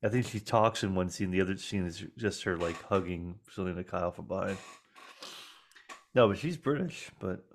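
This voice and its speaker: Low-voiced man rambling about movies. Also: moderate pace, a little hiss or hum. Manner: relaxed, rambling, repeats himself. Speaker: podcast co-host. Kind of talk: casual movie commentary chat.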